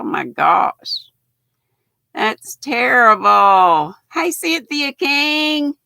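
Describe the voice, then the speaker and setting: An older woman with a drawl talks slowly and chattily, greeting viewers by name and calling them honey. Her voice has a gravelly edge and a bright tone. She sounds dry and close to the mic. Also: medium pitch, dry recording. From United States. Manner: chatty, rambling, with soft laughs. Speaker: host of a live knitting and crochet stream. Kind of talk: casual live-stream chat with viewers.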